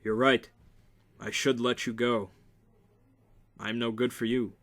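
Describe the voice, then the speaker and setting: A man voicing a guarded, anguished young male lover in a quiet, hushed tone while reading a novel aloud. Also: mid-range voice, level tone, takes it slowly.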